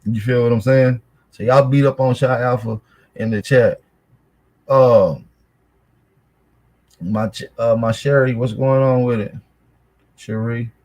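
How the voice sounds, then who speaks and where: A man's voice: medium pitch, steady tone, measured pace, pauses often, darkish tone. A man hosting a livestream, bantering casually and mocking a caller in a brash, profane way. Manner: brash, mocking, trash-talking. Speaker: livestream host.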